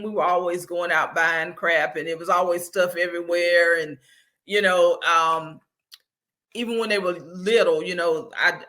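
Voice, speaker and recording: A woman, a mother of four, chatting as a guest and telling family stories in a lively, animated way. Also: lowish voice. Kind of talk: casual storytelling chat.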